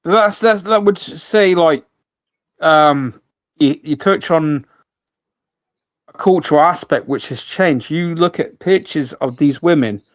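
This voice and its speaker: A man's voice: fairly high pitch, slow pace, pauses often, dry recording. A man hosting a casual radio chat, rambling with many restarts and fillers. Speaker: host.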